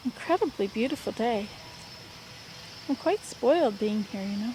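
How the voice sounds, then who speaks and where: With a fairly high, mellow voice and lively intonation, an older vlogger speaks at normal speed but with long pauses, giving a casual update from her home in the southern US. She rambles warmly and keeps correcting herself, and the rough recording from her plug-in computer microphone has slight background noise.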